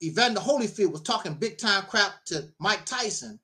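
A middle-aged minister speaks at a moderate pace in a high voice, sharing stories in a casual spoken monologue. Animated throughout, he laughs often and weaves in preachy asides.

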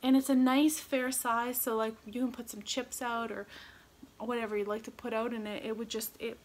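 A woman showing off her shopping finds at home in a gushing, chatty way, now and then dropping to a soft whisper. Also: fairly high pitch, flat delivery, moderate pace, slight background noise. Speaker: vlogger. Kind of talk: casual haul chat.

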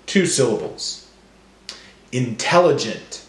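Slow, encouraging male phonics teacher. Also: medium pitch, lively intonation, reverberant. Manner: slow, stretched word-by-word drills. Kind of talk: phonics lesson for young children.

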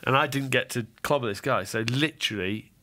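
A man's voice: mid-range voice, a little fast, noisy background. An English man in casual podcast chat, telling anecdotes with frequent laughs and acted quotes. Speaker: podcast co-host.

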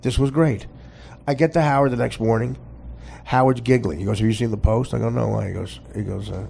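A man, hosting a podcast and telling stories in casual chat, animated and laughing often. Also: mid-range voice, brisk, creaky, a little hiss or hum. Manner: animated, laughs often, does voices of others. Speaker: podcast host and comedian.

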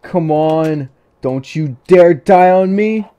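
A man's voice: a little high, slow, mellow, lo-fi sound. A man doing let's play commentary of a game, exasperated and pleading, with jokey asides. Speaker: gaming youtuber.

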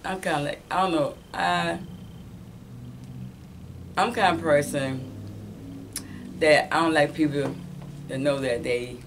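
A woman in a church class explaining herself haltingly, repeating words as she searches for them. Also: sits low, steady tone, noisy background. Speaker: class member. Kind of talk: sharing in a church class discussion.

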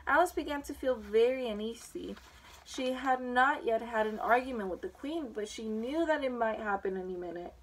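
A woman reading a children's storybook aloud in an informal way, pausing to mention the pictures. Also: on the high side, rough recording. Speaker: reader.

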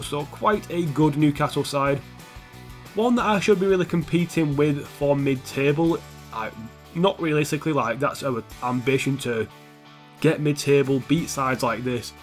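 A young man commentating on his football video game, excitable and blunt, swearing freely. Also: a little high. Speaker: gaming YouTuber.

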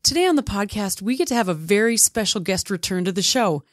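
A woman's voice: mid-range voice, lively intonation, fast talker, dry recording, studio quality. A woman co-hosting a podcast, chatty and enthusiastic, recovering from a lost voice. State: recovering from losing her voice. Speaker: podcast co-host. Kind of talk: casual podcast chat.

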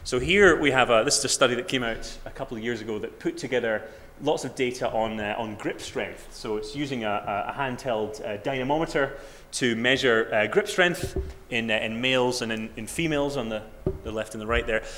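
A Scottish man in his twenties giving an academic talk, halting with many fillers and restarts and a wry, self-deprecating humour. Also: mid-range voice, fairly bright tone. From Scotland. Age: 20s. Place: lecture room.

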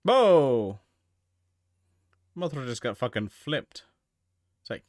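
A man giving casual, joking movie commentary, swearing freely and reacting loudly to the action. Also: on the high side, slow pace, pauses often, no echo, clean studio sound. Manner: jokey, profane, excitable.

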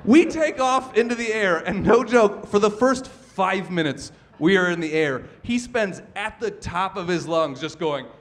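A young man performing a stand-up comedy set on a club stage, telling stories with animated shouted bits. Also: high voice, a little slow, few pauses, slight background noise. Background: audience laughter.

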